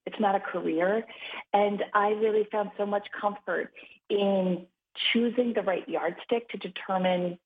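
A woman's voice: mid-range voice, a little hiss or hum. Woman, interview guest, upbeat earnest storyteller, narrow phone-line sound. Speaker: charity founder, guest. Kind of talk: interview conversation.

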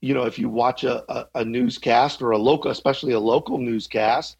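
A man's voice: medium pitch, steady tone, fairly quick, vocal fry, a little mellow, husky, highs cut off. A man in his fifties who teaches journalism, answering interview questions in a thoughtful, conversational way, often restarting and chuckling. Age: 50s.

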